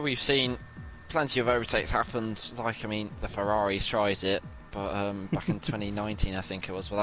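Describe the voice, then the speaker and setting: Man, co-commentator on a racing stream, lowish voice, loose and chuckling delivery. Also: a bit bright, a little hiss or hum, low-quality recording. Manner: casual, laughs often, loose and rambling. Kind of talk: live sim racing commentary.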